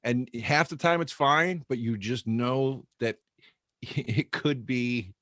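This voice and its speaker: A comedian talking candidly and profanely in a casual podcast chat. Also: male voice, medium pitch, fairly bright tone, no room sound, studio quality. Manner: candid, profane, quick agreeing.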